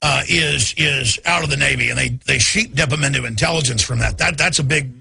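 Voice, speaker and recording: A man's voice: medium pitch, a little fast, vocal fry, sharp tone. A man hosting a political talk show, speaking in a blunt, emphatic, mocking way.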